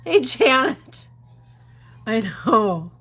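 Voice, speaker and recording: A woman talking to her viewers on a casual livestream. She is chatty and animated, laughing often. Her voice swings from lively bursts down to low mutters and whispers. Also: drawn-out words, slightly rough. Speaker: gambling livestreamer. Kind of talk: casual livestream chat, answering viewer comments.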